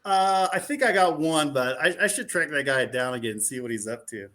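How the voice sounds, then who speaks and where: Animated man telling a rambling story. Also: on the high side, fairly quick. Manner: animated, rambling, full of "like" and restarts. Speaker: podcast guest. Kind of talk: casual storytelling chat.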